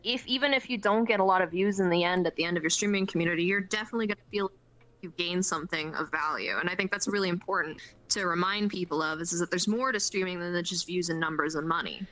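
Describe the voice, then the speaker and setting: A woman's voice: on the low side, fast talker, fairly bright tone, low-quality recording. A young Canadian woman as a guest on a streamed interview, chatting in an upbeat, earnest way and laughing often. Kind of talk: casual chat.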